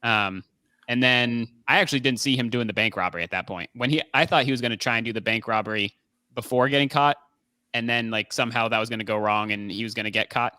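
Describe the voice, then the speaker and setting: A man's voice: mid-range voice, quick pace, pushed and bright, smooth, dry recording. A man co-hosting a movie podcast, talking casually with lots of fillers and restarts. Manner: rambling, many fillers and restarts. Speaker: podcast co-host. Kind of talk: casual movie review chat.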